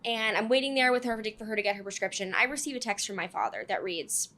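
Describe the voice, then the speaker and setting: A young woman co-hosting a podcast, telling stories in a casual chat and acting out quotes with big jumps in pitch. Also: lively intonation, fast talker, few pauses, bright, forceful tone. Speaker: podcast co-host. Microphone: podcast studio mic.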